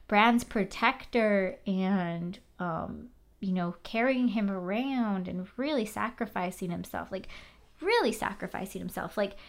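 A woman in casual recap chat, animated, swearing and using many fillers. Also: medium pitch.

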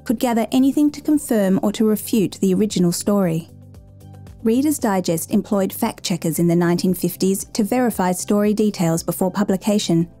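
Mellow woman narrating a story. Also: mid-range voice.

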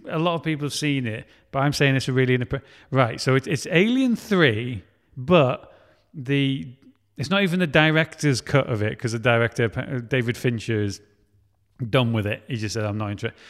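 A man's voice: mid-range voice, expressive, moderate pace, a bit bright. A man in casual chat, talking in a chatty, self-mocking way and laughing often. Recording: long hall reverb.

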